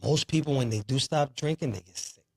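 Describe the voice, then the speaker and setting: A man's voice: mid-range voice, fairly quick, creaky. A man on a podcast talking earnestly about changing habits, preachy, dropping in Spanish phrases. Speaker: podcast host. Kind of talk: casual podcast chat.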